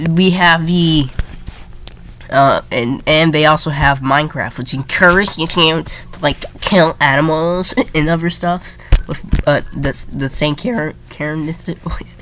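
A woman giving playful, jokey commentary while playing a strategy game, often jumping into silly high voices. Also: a bit bright. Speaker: gaming YouTuber. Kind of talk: casual gameplay commentary.

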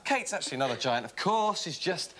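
Man, kids' TV presenter, high voice, very lively pitch, bouncy and jokey. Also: a little fast. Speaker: children's TV presenter.

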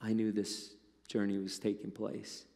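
A man voicing an old male master near death who answers in a low, subdued way. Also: completely flat delivery, a little slow, creaky, dark tone. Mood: resigned. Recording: long hall reverb.

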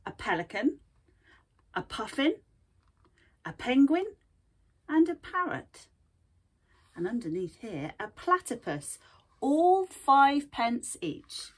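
A woman art teacher reading a picture book aloud and gently guiding young children to draw, asking them questions as she goes. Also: high-pitched, sing-song, takes it slowly, pauses often, husky.

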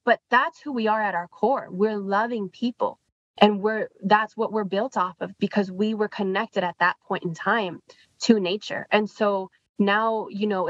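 A woman speaks slowly and with emphasis, returning to key phrases as she reflects in a podcast conversation. Her voice is mid-pitched. The audio is dull and muffled, and the room is dry. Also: dry recording.

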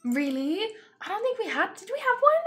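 High, lively, gushing young woman. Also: moderate pace, faint music behind. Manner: gushing and excitable, frequent gasps. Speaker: gaming YouTuber. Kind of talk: game review commentary.

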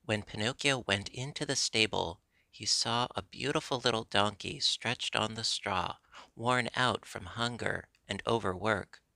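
A man narrating a classic storybook in a steady, measured way. His voice is fairly low and gravelly, with a bright, forceful edge. The recording sounds dry and close. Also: no room sound. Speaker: audiobook narrator.

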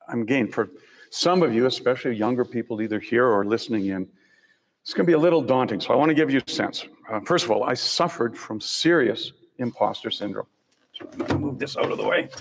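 A man's voice: medium pitch, gravelly, husky. An older man from Saskatchewan giving a public lecture as a university professor, telling stories with dry humor. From Canada (Saskatchewan). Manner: conversational storytelling with dry humor. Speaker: university professor and senior officer, guest speaker. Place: lecture room on a college campus. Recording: long hall reverb.

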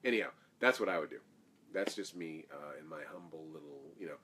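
A man's voice: a bass voice, brisk, background noise. A man, an actor, answering fan questions in a casual live Q&A, reading each question aloud and rambling through his answers.

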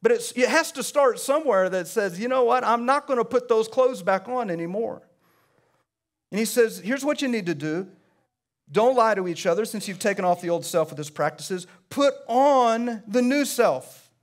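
A middle-aged pastor delivers a sermon in a fairly high voice. He preaches emphatically, his voice climbing and swelling on the key phrases. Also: lively intonation, moderate pace.

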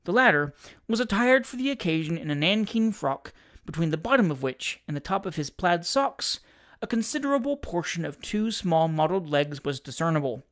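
An audiobook narrator reading a classic comic story in a theatrical, expressive way. The pitch moves a great deal from phrase to phrase, at an even middle height.

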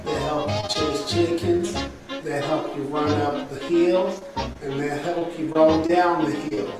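A British man voicing a folksy American wartime egg-ad announcer with a put-on American accent, heard far off in a roomy space under loud swing music. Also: expressive. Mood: salesy. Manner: slow, salesy pitch.

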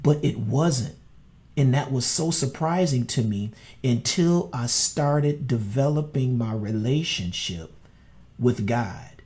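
A middle-aged man, a pastor, preaching a sermon and telling a personal story in a slow, earnest way that repeats words. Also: mid-range voice, lively intonation, darkish tone.

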